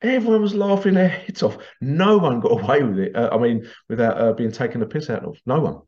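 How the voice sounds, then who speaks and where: A man's voice: mid-range voice, expressive, fairly quick, darkish tone. A middle-aged man telling rambling anecdotes in a casual monologue, chuckling often and repeating himself. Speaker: tradesman vlogger. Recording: slightly dull lo-fi recording.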